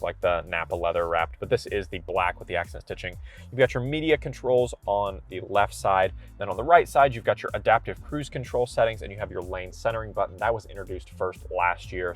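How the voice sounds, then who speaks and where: A man from Kentucky giving an upbeat, conversational walkaround review from inside a car cabin. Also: lowish voice.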